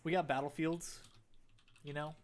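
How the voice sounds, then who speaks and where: A man's voice: on the high side, level tone, normal speed, a little hiss or hum. Young man rambling in casual chat. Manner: laid-back, rambling storytelling with many fillers.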